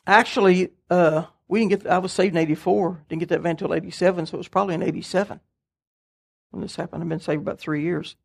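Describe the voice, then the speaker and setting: Preacher guy, older, kinda gravelly, tells stories all lively and folksy. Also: sits high, fast. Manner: folksy, animated storytelling. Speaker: pastor. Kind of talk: sermon.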